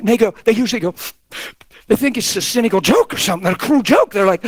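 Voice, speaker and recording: A man in his fifties preaching a sermon, swinging from shouts to hushed, intimate tones. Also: sits high, lively intonation, fast, dry recording, studio quality. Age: 50s.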